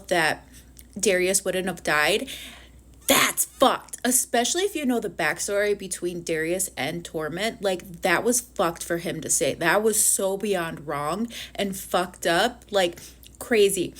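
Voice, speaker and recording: A woman in a casual review vlog, ranting animatedly and swearing freely. Her voice sits at a middle pitch, and her speech is loose, full of "like" and quick asides. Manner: filler-heavy with frequent "like". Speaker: book reviewer.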